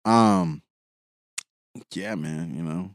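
A man's voice: low voice, fairly even intonation, drawn-out words, no room sound. A young man talking in a laid-back, joking, slangy way during casual podcast chat.

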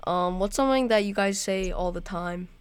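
Casting: playful woman podcast interviewer, smooth, crisp voice, dry close sound. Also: mid-range voice, moderate pace, no room sound. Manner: playful, giggly, many fillers. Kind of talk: casual chat.

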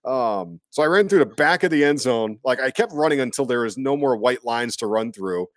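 A man's voice: animated, fairly quick. Rambling man in casual sports chat. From Iowa. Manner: rambling, lots of fillers, jumps into high goofy voices for quotes.

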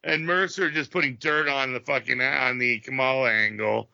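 A man with a very bright voice and a gravelly edge leads a loose podcast chat, asking his co-hosts what they thought and giving blunt opinions. The audio is dry and lo-fi. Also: mid-range voice, fairly even intonation, normal speed, dry recording. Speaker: podcast co-host. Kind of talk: casual chat.

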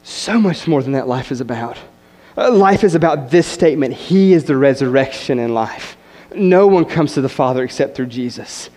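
A man's voice: medium pitch, expressive, moderate pace, darkish tone. A man preaching a sermon as pastor, with emphatic builds and frequent restarts. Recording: long hall reverb.

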